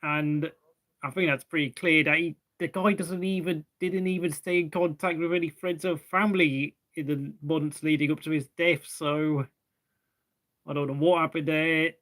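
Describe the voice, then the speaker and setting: A man's voice: a little high, steady tone, normal speed, a bit bright. Rambling young man hosting a race watchalong. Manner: rambling, filling gaps between race updates. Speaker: watchalong host. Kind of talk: casual live race commentary chat.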